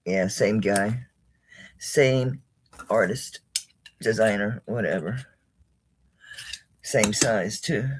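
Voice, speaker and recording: A sleepy woman hosting a live jewelry sale from home, talking casually and greeting viewers by name between yawns. Her drowsy chat is loose and unhurried. A faint hiss of background noise sits behind her voice. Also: rumbling low. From United States. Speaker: jewelry livestream seller. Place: home, indoors.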